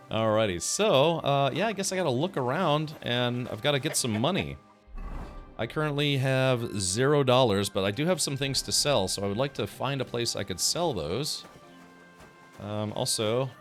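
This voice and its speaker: A man's voice: mid-range voice, sing-song, normal speed, fairly bright tone, faint music behind. A man streaming a video game, casually thinking aloud and chatting with viewers in a rambling way. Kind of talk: casual gameplay commentary.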